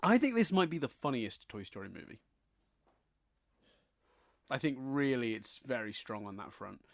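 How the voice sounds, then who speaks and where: A man's voice: medium pitch, lively intonation, normal speed, creaky, no echo, clean studio sound. A man co-hosting a podcast, chatting casually about a film he likes, laughing often and trailing off into restarts. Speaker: podcast co-host. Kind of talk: casual film review chat.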